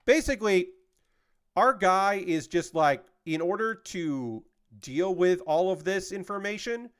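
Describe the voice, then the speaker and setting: A man with a somewhat high voice chats loosely with viewers as he builds a kit. His talk rambles and wanders while his hands stay busy. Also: animated, a little slow, fairly bright tone, clean tone. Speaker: streamer building a model kit. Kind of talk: casual chat on a livestream.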